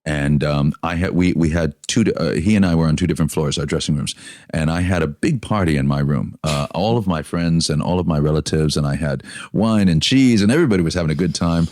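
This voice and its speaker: A man's voice: rumbling low, fairly quick, no room sound, clean studio sound. An American man, a stage actor, telling anecdotes on a podcast and acting out the quotes of the people in them. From United States. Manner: animated storyteller, acts out quotes with big swings.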